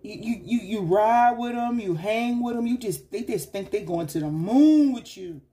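A woman's voice: a little high, lively intonation, normal speed, slight background noise. A woman giving a casual tarot reading to her viewers, chatty and slangy, teasing and scolding the listener and often asking "you know what I'm saying?". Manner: teasing and scolding the listener with sudden loud bursts. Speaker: tarot reader.

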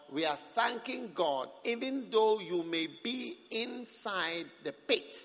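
Bright, lively, slow-paced preacher man. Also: fairly high pitch, long reverb tail. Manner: emphatic, with sudden swings between loud and soft. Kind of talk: sermon. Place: church service.

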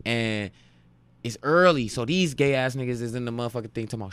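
A musician in his late 20s from Cleveland, Ohio, appears as a podcast guest, speaking in a mid-range voice at a quick pace with a clean tone. In casual storytelling chat, he's profane and animated, laughing often as he tells anecdotes.

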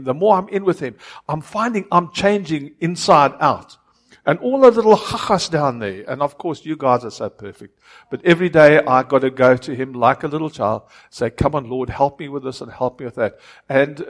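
A man preaching a sermon in an earnest way, often repeating and restarting words and swinging between loud and soft. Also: fairly high pitch. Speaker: pastor.

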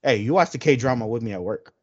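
A man co-hosting a podcast, talking in a loose, rambling way full of fillers and restarts. His voice sits at an ordinary middle pitch. The recording sounds a little dull and lo-fi. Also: lively intonation, fast, breathy edge. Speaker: podcast co-host. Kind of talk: casual chat. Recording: dull lo-fi audio.

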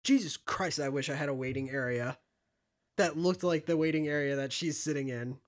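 A woman's voice: low-pitched, moderate pace. A woman chatting casually as a podcast co-host, enthusiastic and swearing freely as she jumps in with asides. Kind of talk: casual chat recapping a show.

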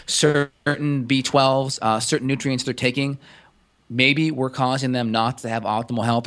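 A man's voice: medium pitch, fairly bright tone. A man co-hosting a casual health podcast, explaining clinical details in an easygoing, explanatory way with frequent restarts. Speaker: functional medicine practitioner co-host.

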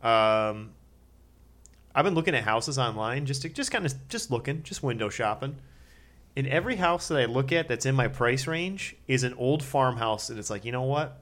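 A man co-hosting a casual chat, joking and asking quick questions. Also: medium pitch, lively intonation, fairly bright tone. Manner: jokey, quick questions, self-deprecating.

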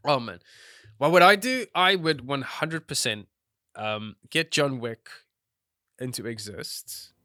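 A man with a bright voice in a dry, close recording chats about films. He hesitates with many fillers, and his pitch leaps up when he is amused. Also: animated, slow, dry recording. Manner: hesitant, lots of ums, jumps high when amused. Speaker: podcast co-host. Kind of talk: casual film chat.

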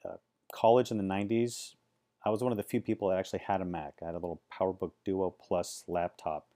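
A man's voice: low voice, fairly even intonation, quick pace, mellow. A man, giving chatty, sarcastic vlog commentary full of rambling asides. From Silicon Valley, USA. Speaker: vlogger.

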